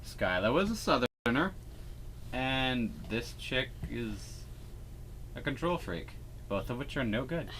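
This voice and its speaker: A man's voice: medium pitch, very animated, slow, long pauses, a bit bright, a little hiss or hum. A man co-hosting a let's play in casual chat, teasing and dismissive in a dry way. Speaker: co-host, sibling.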